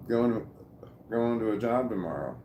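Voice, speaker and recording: A middle-aged man streaming casually from home, his voice sitting low. He reads viewer comments aloud and drifts between thoughts, often stopping and restarting mid-sentence. The room around him rings with a noticeable echo. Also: animated, normal speed, dark tone, slight background noise. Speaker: livestreamer reading chat. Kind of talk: casual livestream chat.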